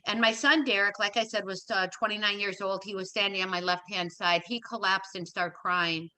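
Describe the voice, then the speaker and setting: A woman's voice: medium pitch, steady tone, fairly quick, bright, forceful tone. A middle-aged woman, an interview guest, telling an emotional personal story and acting out the dialogue with emphatic repetition. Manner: retells events with quoted dialogue and emphatic repetition.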